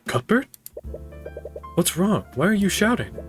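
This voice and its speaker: Guy putting on a dry calm lady teacher, brisk and a bit higher. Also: faint music behind. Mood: concerned.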